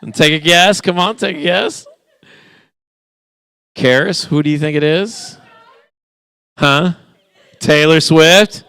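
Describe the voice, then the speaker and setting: A man's voice: on the high side, a bit bright, clean tone, no echo, studio quality. A man hosting a guessing game for a church youth group, playful and teasing with the teens. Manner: playful, teasing, quick back-and-forth with the group.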